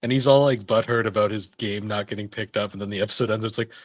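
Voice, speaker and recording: A man's voice: lowish voice, fast talker, hardly any pauses, no echo. A man chatting as a podcast guest, wry and amused, swearing and chuckling as he tells stories. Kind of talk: casual chat.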